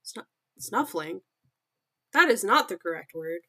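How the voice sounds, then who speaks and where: Bright, giggly young woman streamer. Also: medium pitch, big pitch swings, a little slow. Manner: giggly and profane, breaks off to comment on her own writing. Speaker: streamer reading her own story. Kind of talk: casual livestream reading.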